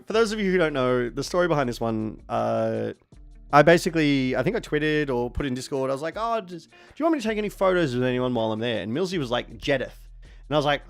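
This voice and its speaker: A man in his forties with an Australian accent, chatting casually on a stream in a rambling way, sometimes bursting into excited shouting. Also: fairly high pitch, vocal fry. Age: 40s.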